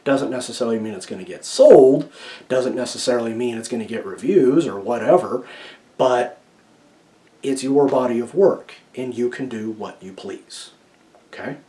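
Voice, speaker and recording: In a mid-range voice at a moderate pace, a man hands out casual, opinionated writing guidance to camera. He keeps tossing in "okay?" and veers between loud emphasis and quiet asides.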